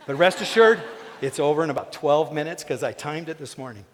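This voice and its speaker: A man's voice: on the high side, brisk, a little hiss or hum. A man giving a personal commencement speech from a stage, folksy and joking one moment, earnest and moving the next. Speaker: commencement speaker. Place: theatre stage. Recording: long hall reverb in a theatre.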